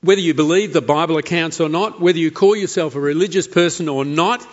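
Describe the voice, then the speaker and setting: A man reading scripture and then preaching a sermon in an earnest, measured way. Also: on the high side, muffled recording. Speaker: pastor. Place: church.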